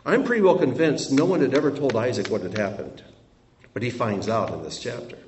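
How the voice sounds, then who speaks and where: A man teaching from scripture, reading verses aloud and breaking off for expressive asides. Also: mid-range voice, brisk, slight background noise. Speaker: Bible teacher. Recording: roomy sound from a distant mic.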